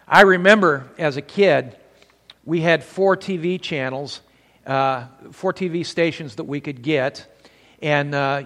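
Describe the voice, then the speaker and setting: A man's voice: on the high side, a bit bright, big-room sound. An older man preaching a sermon to men, mixing scripture with folksy stories from his past.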